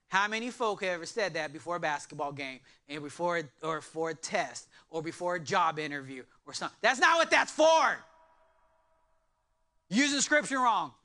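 A man preaching a sermon in an animated way, with joking asides to his congregation. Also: fairly high pitch, moderate pace. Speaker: pastor.

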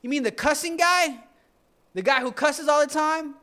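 A man's voice: very high-pitched, moderate pace, sharp tone, voice pushed up. A man playing an outraged scoffing townsman. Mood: indignant. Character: indignant townsman of biblical times.

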